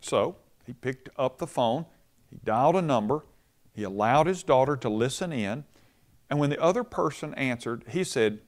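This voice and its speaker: Man, devotional radio speaker, conversational preaching with storytelling, medium pitch. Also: lively intonation, moderate pace, darkish tone. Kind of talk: short devotional message.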